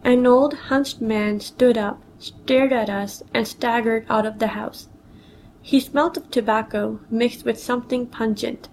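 A woman's voice: fairly high pitch, steady tone, a little slow, darkish tone, a little hiss or hum, low-quality recording. A woman reading a personal memoir story aloud, telling it plainly and quoting others in her own voice.

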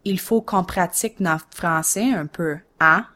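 A woman's voice: on the low side, a little slow, bright, forceful tone. A woman voicing a condescending middle-aged French-speaking man from Quebec who snorts his words, in a spoken story. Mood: mocking.

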